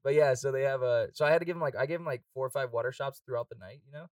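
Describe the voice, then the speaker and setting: Fast-talking young man, laughing storyteller. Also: mid-range voice, no room sound, recorded from a distance. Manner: fast, profane storytelling with frequent laughter and voiced quotes. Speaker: party host telling a story. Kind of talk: casual chat.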